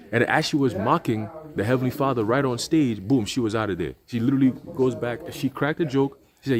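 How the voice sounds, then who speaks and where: A man with an ordinary mid-range voice tells a story in a relaxed church talk. He speaks bluntly and mimics the people he describes. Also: mid-range voice, a little fast. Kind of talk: casual religious discussion.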